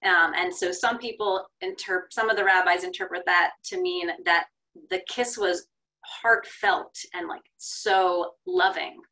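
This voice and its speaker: Bright-voiced woman Torah scribe explaining. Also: lowish voice, poor audio. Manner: clear, measured explanation with fillers. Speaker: Torah scribe, guest in class. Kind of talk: explaining in a class discussion.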